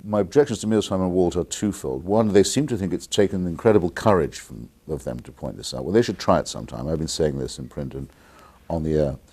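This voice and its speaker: An English man, an author who is the guest on a call-in television interview, speaking deliberately and articulately with blunt opinions. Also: low-pitched, darkish tone, breathy edge. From England.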